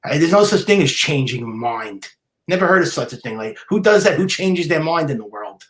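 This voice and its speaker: Heated, stammering man ranting, higher voice. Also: sing-song, fairly quick, a bit bright. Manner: heated, repetitive, stammering restarts; indignant, scolding. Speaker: podcast host. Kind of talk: solo sports rant podcast.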